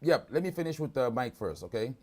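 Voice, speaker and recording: A man with a medium-pitched, sing-song voice runs a live product demo over a video call, speaking fairly quickly in a slightly mellow tone. He keeps things casual and often checks in with "right?"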